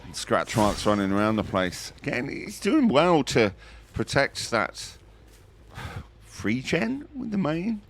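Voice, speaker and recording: A man giving live commentary on a competitive online match, chatty and jokey, breaking into excited high exclamations. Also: slow pace. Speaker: esports commentator.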